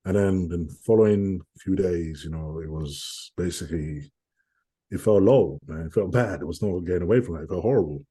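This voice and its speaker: A young man talks in an interview with a deep, husky voice. His tone is dark and mellow, and he tells his story earnestly. He keeps repeating phrases and acts out other people's words as he goes. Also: normal speed. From United Kingdom. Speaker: guest, professional bodybuilder.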